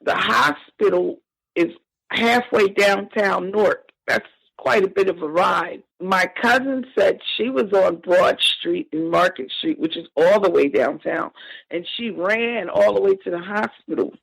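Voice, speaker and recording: A woman telling a painful family story as a podcast guest, halting and emotional with frequent restarts. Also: medium pitch, creaky, husky, no room sound, rough recording. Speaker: victim's sister, interview guest. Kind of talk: personal account in a podcast interview.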